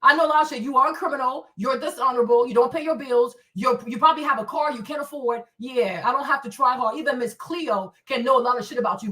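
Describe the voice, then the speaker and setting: An African woman hosts a livestream, delivering a solo rant that is blunt, profane, and confrontational, tagging her lines with "right?". Her high-pitched voice is expressive, pushed, and bright, and she talks briskly with few pauses. The mic sounds slightly distant.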